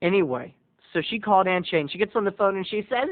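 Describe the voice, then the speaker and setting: A man's voice: high voice, expressive, fast talker, few pauses, narrow, tinny audio. A man telling a comic family story in a theatrical, dramatic vlog style. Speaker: video blogger.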